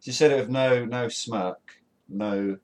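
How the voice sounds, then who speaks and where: A man's voice: medium pitch, slow. A British man co-hosting a podcast, chatting casually in a rambling, self-mocking way with lots of restarts and laughter. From Britain. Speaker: podcast co-host. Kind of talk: casual banter.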